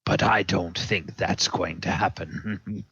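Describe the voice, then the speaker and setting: A man's voice: deep voice, steady tone, slow pace, creaky, a bit bright, breathy edge, no echo, muffled recording, exaggerated voice. A man voicing a menacing dragonborn warlord who sneers his threats and sometimes drops to a hissed whisper. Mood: commanding.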